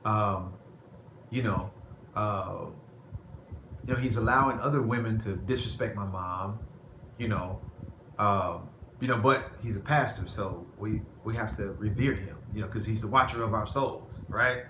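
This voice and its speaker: A man's voice: on the low side, unhurried, bright, forceful tone. A man vlogging, telling a personal story in a candid, rambling, conversational way. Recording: roomy echo, faint background noise.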